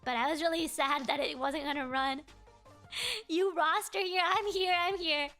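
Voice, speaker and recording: Young female streamer, very high and bright, bubbly and teasing, casual chat over soft background music. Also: steady tone, normal speed. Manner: bubbly, thanks viewers over and over, playful teasing. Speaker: VTuber streamer.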